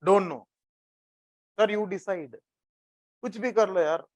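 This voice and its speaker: A man's voice: sits high, fast talker. A man with an Indian English accent teaching a classroom lecture. He repeats key phrases for note-taking and quizzes his students.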